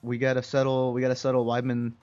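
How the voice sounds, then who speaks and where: A man's voice: mid-range voice, completely flat delivery, quick pace, a little mellow, clean tone. A young man co-hosting a podcast in casual chat, rambling and laughing often. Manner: laid-back, rambling, laughs often, many fillers. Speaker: podcast co-host. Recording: dull lo-fi sound.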